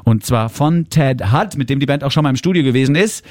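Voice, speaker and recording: A man's voice: mid-range voice, animated, fast talker, a little mellow. A man hosting a radio interview in a studio, speaking, joking and laughing often. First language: German. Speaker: radio host. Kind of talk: radio interview, German and English. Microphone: studio microphone.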